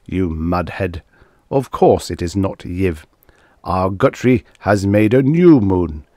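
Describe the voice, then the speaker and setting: Storybook alien: man doing a gruff, scornful native, low and lively. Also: takes it slowly, no echo, studio quality.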